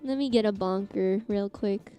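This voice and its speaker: A woman's voice: mid-range voice, moderate pace, mellow, smooth, soft background music. A young woman from Canada chatting casually with her live-stream chat, giggling often and reacting to messages.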